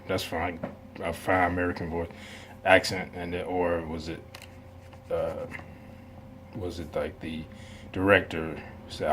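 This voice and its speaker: A man's voice: deep voice, fairly bright tone, a little hiss or hum. A man hosting a reaction video, talking in a casual, rambling way with many asides and some laughs.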